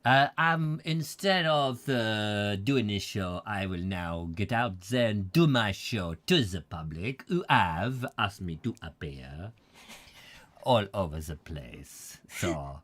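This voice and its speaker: A man's voice: lowish voice, lively intonation, slow, fairly bright tone. A man hosting a comic live-streamed chat show, jokey and rambling as he thanks his viewers. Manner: jokey, rambling, theatrical sign-off. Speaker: comedy chat show host.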